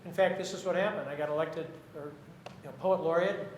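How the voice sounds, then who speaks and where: Chatty high-voiced man in an echoey room. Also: darkish tone, a little hiss or hum. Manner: chatty, halting, restarts mid-sentence. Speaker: poet reading his work. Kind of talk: audience Q&A after a reading. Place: lecture room with an audience.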